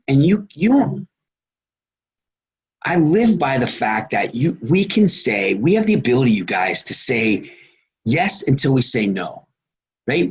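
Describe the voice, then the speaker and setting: A man's voice: mid-range voice, slightly rough, rough recording. A middle-aged man giving a motivational team call talk, rambling, with many fillers and repeated words. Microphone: phone or conference line.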